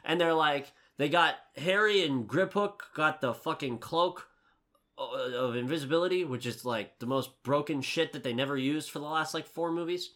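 A man co-hosting a movie review podcast, ranting loudly in casual chat, cursing and putting on mock voices. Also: fairly high pitch, normal speed.

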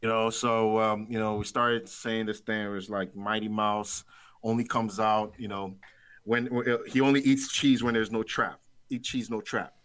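A man's voice: lowish voice, level tone, normal speed, a bit bright, clear, resonant tone. Rambling man telling a trading story. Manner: rambling, repeats words, laughs easily. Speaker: trader guest. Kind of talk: casual interview storytelling.

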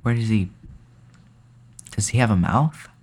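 A man playing in a casual tabletop role-play, answering in a quiet, deadpan way. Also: on the low side, measured pace, husky. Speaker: player.

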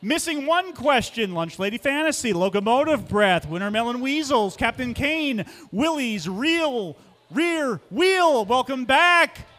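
A man's voice: extremely high pitch, sing-song, unhurried, a bit bright. A man co-hosting a live pub trivia night, upbeat as he rattles off team scores. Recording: live pub with long reverb.

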